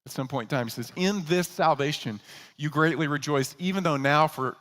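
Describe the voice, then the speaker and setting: A man preaching a sermon as pastor, telling a story with animated delivery and acting out the characters he quotes. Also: fairly high pitch, brisk, in a large hall.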